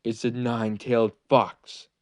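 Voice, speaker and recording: A man's voice: medium pitch, little pitch movement, unhurried, darkish tone, no room sound, lightly acted. A man doing a gloating traitor ninja teacher. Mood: taunting. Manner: taunting, gloating. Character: scheming treacherous male ninja teacher, mocking.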